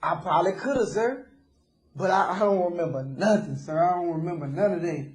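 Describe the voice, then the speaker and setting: Animated and fairly quick, a young jailed suspect speaks with remorse in a jailhouse interview, repeatedly calling the interviewer "sir." His voice is high with a darkish tone, in reverberant acoustics.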